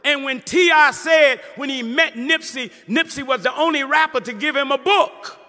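A man's voice: very high voice, normal speed, pushed and bright, in a large hall. A man, a Muslim minister, preaching to a live audience in an emphatic way and calling out to the crowd.

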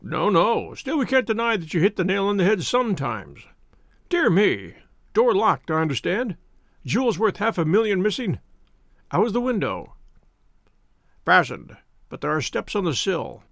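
Guy doing a wheezy husky blustering cop, full of himself, gravelly and kinda high. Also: sing-song, normal speed, long pauses, fairly bright tone, no echo, clean studio sound, heavily acted. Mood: pompous. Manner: blustering, self-satisfied. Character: stout pompous middle-aged police inspector.

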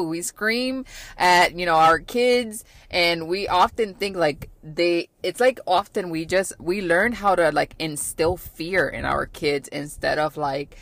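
A woman's voice: lowish voice, takes it slowly, a bit bright, no echo. A woman in her thirties hosting a podcast, talking about parenting in a casual, reflective way, earnest, with many fillers and repeats. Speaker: podcast host.

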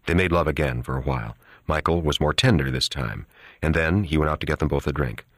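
A man narrating an audiobook in a steady, even storytelling manner. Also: a bass voice, brisk, dry recording, studio quality.

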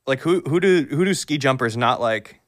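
A man's voice: mid-range voice, lively intonation, normal speed, a bit bright. A man hosting a podcast, asking eager, curious questions in casual chat, often stammering and restarting. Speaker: podcast host.

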